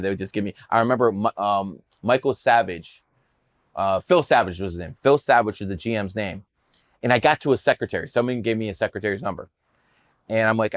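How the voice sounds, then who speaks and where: As a guest on a podcast, a numerologist from the Cleveland area, USA, tells stories of his career in a casual, boastful, brash and profane way. His voice is lowish, captured at studio quality without room sound.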